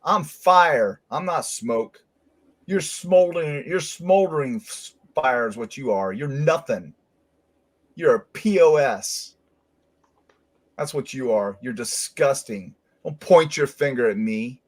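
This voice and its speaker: A man's voice: medium pitch, expressive, takes it slowly. A man hosting a commentary show as a former detective. He rants in a heated, profane way. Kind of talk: angry commentary.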